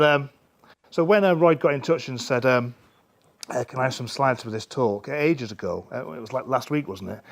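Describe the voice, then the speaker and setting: A man's voice: medium pitch, gravelly. A man with a Northern English accent giving a rambling, self-deprecating lightning talk full of fillers and restarts. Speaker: conference speaker.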